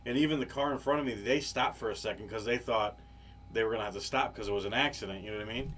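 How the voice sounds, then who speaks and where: A man tells a story in loose, profane podcast chat, stacking fillers and restarts. His voice sits fairly low. A faint background noise runs under the talk. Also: fast, fairly bright tone. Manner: rambling, profane, lots of fillers. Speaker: podcast co-host.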